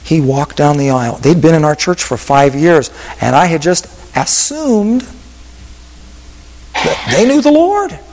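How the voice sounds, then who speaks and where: A male pastor preaching a sermon with an altar call, telling stories in a voice that drops to hushed whispers and rises to emphatic peaks. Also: on the high side, very animated, measured pace, in a large hall, a little hiss or hum, rough recording.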